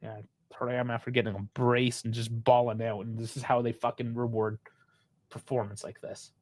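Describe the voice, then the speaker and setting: A man's voice: medium pitch, little pitch movement, brisk, a little mellow, a little hiss or hum. A man giving live fan reaction to a football match, angry and frustrated, swearing heavily as he rants about the coach's choices.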